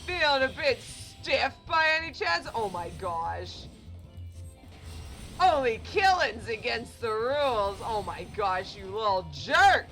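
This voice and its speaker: Casting: excitable woman gamer, high bright voice, unhurried, faint game music under her. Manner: excitable, exclaiming and laughing at the game. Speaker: gamer playing on a channel. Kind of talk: casual let's-play commentary.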